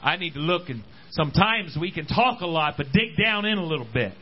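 A man preaching a sermon, with words often repeated and frequent amens, swinging between loud rising calls and quiet low asides. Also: lively intonation, fairly quick, husky, dull audio. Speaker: pastor. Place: church service.

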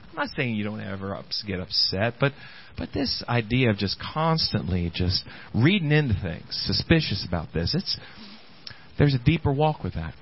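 A pastor preaching a sermon in an animated, halting way, often acting out the voices of the people he quotes. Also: lowish voice, husky, highs cut off.

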